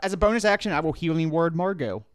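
A man playing a tabletop game who thinks aloud and asks quick questions about the rules. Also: fairly high pitch, lively intonation, no echo, studio quality. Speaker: player.

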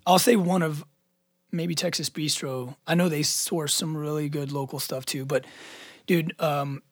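A man's voice: a little high, fairly even intonation, a little slow, dry recording, studio quality. A man hosting a podcast in casual, enthusiastic, slang-filled chat. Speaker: podcast host.

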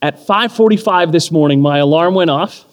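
A man in his thirties preaching a sermon, telling a story with animated, self-deprecating humor. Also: fairly high pitch, moderate pace. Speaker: pastor. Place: church or community hall. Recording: long hall reverb.

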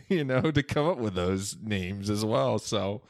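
A man's voice: lowish voice, lively intonation, takes it slowly, no room sound, clean studio sound. A man in casual podcast chat, teasing and playfully questioning. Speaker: podcast co-host.

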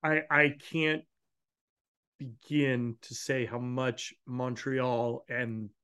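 A man's voice: mid-range voice, level tone, drawn-out words, sharp tone, smooth. A man hosting a casual conversation, emphatic and agreeable with his guest. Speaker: host.

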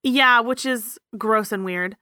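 Chatty female co-host, bright crisp voice, dry recording. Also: on the high side, slow, no echo. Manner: chatty, judgmental asides, frequent "like". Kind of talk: casual movie review chat.

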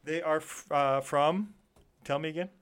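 A man's voice: on the high side, fairly even intonation, unhurried, clean tone. Easygoing man hosting a music show. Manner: easygoing, stumbles over names. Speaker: show host. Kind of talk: casual radio-style chat.

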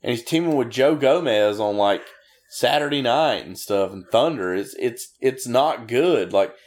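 A man's voice: mid-range voice, animated, unhurried. Ranting, profane man in casual chat. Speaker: podcast co-host. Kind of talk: casual chat watching wrestling.

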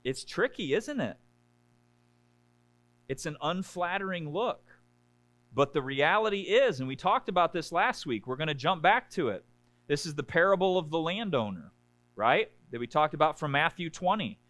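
A pastor delivers a conversational sermon to his congregation, regularly checking in with "right?" and mimicking complainers in a high, whiny pitch. His male voice is animated and fairly bright, at normal speed, in a dry recording.

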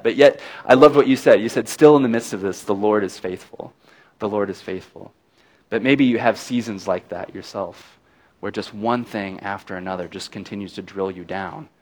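A middle-aged man preaching a sermon in a conversational, folksy way, with easy laughs between points. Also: lowish voice. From not from Alabama. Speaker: pastor.

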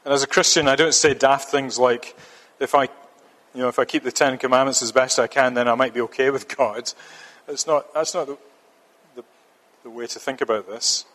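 A man's voice: medium pitch, steady tone, normal speed, a bit bright. A man preaching a sermon, earnest and emphatic, often repeating a phrase for stress. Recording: long reverb of a church hall.

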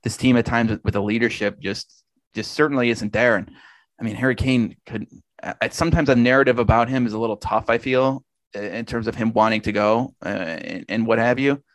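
A man's voice: mid-range voice, brisk, dry recording. A man co-hosting a casual football podcast, rambling and restarting his sentences, swearing now and then. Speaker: podcast co-host. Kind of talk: casual sports chat.

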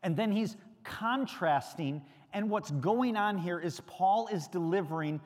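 A pastor delivering a sermon in a church, his voice sitting a little high for a man. He preaches conversationally and keeps putting questions to the congregation. The sound carries a long reverberant hall tail. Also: lively intonation, measured pace. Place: church sanctuary.

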